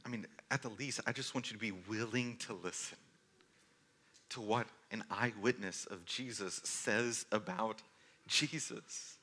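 A man in his thirties preaching a sermon as pastor, telling stories earnestly and moving between forceful and hushed delivery. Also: lowish voice, a little slow, breathy edge. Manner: earnest storytelling, varies loudness from forceful to hushed.

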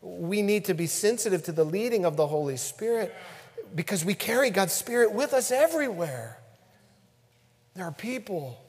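High-voiced man preaching a sermon. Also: slightly rough, big-room sound. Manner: preaching with dramatic swings between hushed and loud. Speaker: pastor.

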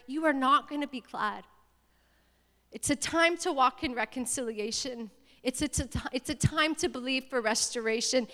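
Woman pastor, fervent call-and-response preacher, high pitch, reverberant sanctuary. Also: fairly bright tone. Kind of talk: sermon. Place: church sanctuary. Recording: echoey church hall.

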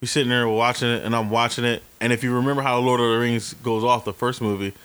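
A man in his early forties, co-hosting a casual podcast, talks fast in a clean, mid-range voice. He tells lively stories loaded with swearing and plays out the dialogue himself.

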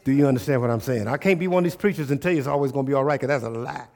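A man's voice: mid-range voice, rapid-fire, creaky. A male preacher giving a sermon, speaking. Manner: call-and-response preaching, rising to loud animated storytelling.

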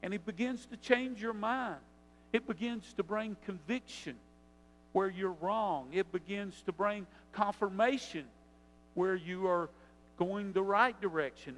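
High-voiced preacher in an echoing hall. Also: male voice. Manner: earnest, rises and drops in loudness for emphasis. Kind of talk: sermon. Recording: long reverb with faint hum.

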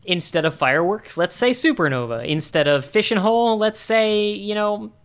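A man's voice: sits high, normal speed, clear, resonant tone. A man co-hosting a podcast in casual chat, thinking aloud with wry, joking asides. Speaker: podcast co-host.

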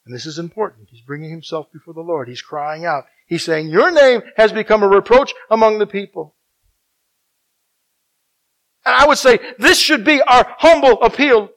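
A man preaching a sermon, swinging from loud emphatic declarations to hushed, near-whispered passages and repeating key phrases. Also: sits high, lively intonation, normal speed, low-quality recording. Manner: emphatic repetition.

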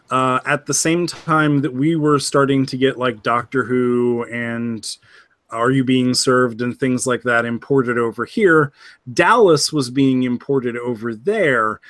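A man's voice: medium pitch, fairly bright tone, no room sound. Dry-voiced man podcast co-host. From United States. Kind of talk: casual chat.

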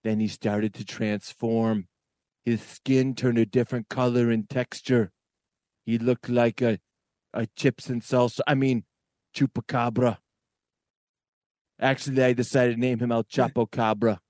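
A boastful, rambling older politician, as a man puts him on, telling a tall tale full of self-corrections. The voice sits at a middle pitch. The sound is close and dry. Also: little pitch movement, measured pace, pauses often, a little mellow, no echo, lightly acted. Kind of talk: comedy impression narrating a story.

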